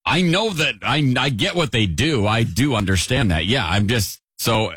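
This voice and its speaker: A husky-voiced man in a casual group chat. His pitch swoops widely as he rants in mock disgust. The sound is dry and close. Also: expressive, normal speed, a bit bright, dry recording. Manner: emphatic, mock-disgusted ranting.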